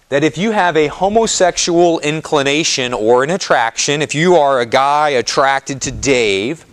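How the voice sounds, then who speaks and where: A Catholic priest with a voice on the high side gives a casual, conversational presentation to a live parish audience. He repeats phrases for emphasis, offers a soothing "just calm down," and checks in often, asking listeners questions and answering their replies.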